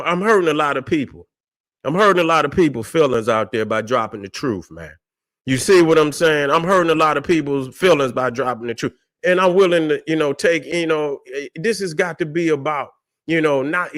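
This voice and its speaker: A man's voice: fairly high pitch, a bit bright, no echo, clean studio sound. A man hosting a livestream, ranting in a combative, profane way and answering chat, with a constant refrain checking that listeners follow. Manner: combative, profane, keeps repeating "you see what I'm saying". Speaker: livestream host.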